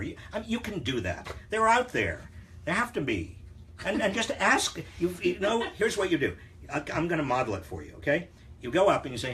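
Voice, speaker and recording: An older man hosting a live Q&A show, talking in a halting, conversational way with many fillers and some wry, teasing humor. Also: on the high side, very animated, fairly bright tone, slight background noise. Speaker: host answering viewer questions.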